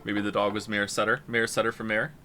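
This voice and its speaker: A nasal, nerdy male announcer, played by a man delivers a mock-dramatic campaign pitch in a grandiose tone. The voice is bright and sharp. It comes from a casual gaming stream. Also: flat delivery, a little fast, a little hiss or hum.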